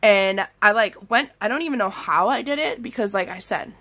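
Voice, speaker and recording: A woman vlogging from bed while sick with strep throat, telling an animated story full of "like" fillers and acted-out quotes. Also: medium pitch, normal speed. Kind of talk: casual storytime rant. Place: in bed at home.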